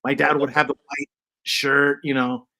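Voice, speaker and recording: A man's voice: mid-range voice, little pitch movement, measured pace, crowd noise. A man hosting a casual chat podcast, rambling through stories with lots of fillers. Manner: rambling, many fillers and restarts. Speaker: podcast host.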